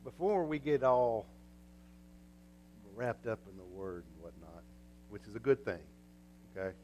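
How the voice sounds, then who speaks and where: An older man preaching a sermon in a church, folksy and energetic, breaking into cheering shouts. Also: lowish voice, a little slow, slight background noise. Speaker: pastor. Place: church sanctuary.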